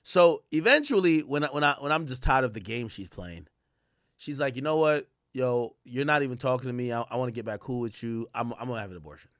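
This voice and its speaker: A man's voice: medium pitch, lively intonation, fairly quick, fairly bright tone, no room sound, clean studio sound. A young man hosting a podcast, telling a long personal story in casual, profane talk and quoting others in his own voice. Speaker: podcast host.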